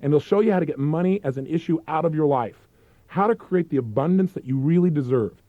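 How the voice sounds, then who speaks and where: A man presenting a self-help program in an emphatic, persuasive infomercial sales pitch. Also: fast, no echo. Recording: dull, dry lo-fi recording.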